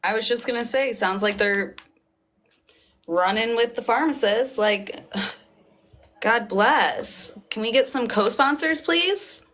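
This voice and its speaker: A woman's voice: on the high side, fairly bright tone. A woman hosting a casual chat, playful and teasing. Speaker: host.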